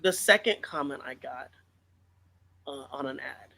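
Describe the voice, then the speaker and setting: A man's voice: mid-range voice, measured pace, gravelly, pushed and bright. A man co-hosting a casual podcast about writing, talking earnestly and reflectively with many fillers. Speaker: author and podcast co-host.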